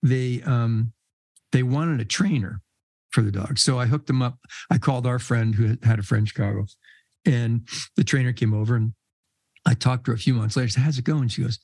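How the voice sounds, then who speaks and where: A man's voice: medium pitch, fairly even intonation, brisk, a little mellow, slightly rough, dry recording. An older man, a podcast guest, telling casual rambling anecdotes and laughing mid-sentence. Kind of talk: casual storytelling.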